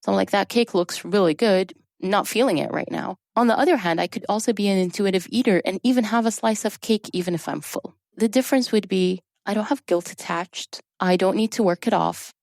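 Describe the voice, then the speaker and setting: A woman drama therapist, talking as a podcast guest and explaining her ideas with animated emphasis. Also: mid-range voice, brisk, vocal fry, hardly any pauses, no room sound, studio quality. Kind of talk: conversational podcast interview.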